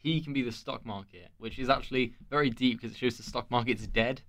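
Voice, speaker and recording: A man's voice: mid-range voice, fairly quick, fairly bright tone. A man brainstorming a silly script with friends, laughing often and swearing casually. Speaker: co-writer.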